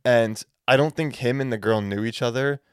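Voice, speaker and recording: A man's voice: mid-range voice, normal speed, clean tone, no room sound, studio quality. A young man co-hosting a podcast in casual chat, with a nasal voice, rambling and swearing often. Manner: rambling, profane, hesitant restarts. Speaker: podcast co-host.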